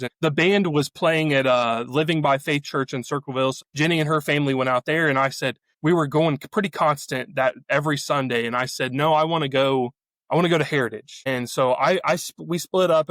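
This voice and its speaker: A man's voice: mid-range voice, fairly bright tone, dry recording. A man sharing a personal faith testimony as a guest, often restarting and repeating words as he remembers. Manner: halting, repeats words as he recalls. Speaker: podcast guest.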